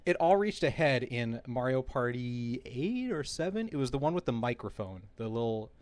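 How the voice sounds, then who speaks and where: Podcast co-host, male, mid-pitched voice, chatty, tells stories with laughter. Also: moderate pace. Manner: animated storyteller who laughs mid-story. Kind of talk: casual chat.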